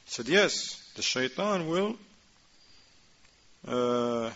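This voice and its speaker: A man teaching a class, reading Arabic passages quickly and then explaining them in informal, conversational English while asking his students questions. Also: medium pitch, fairly bright tone. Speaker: religious teacher. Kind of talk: class explaining a religious text. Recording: dull lo-fi recording.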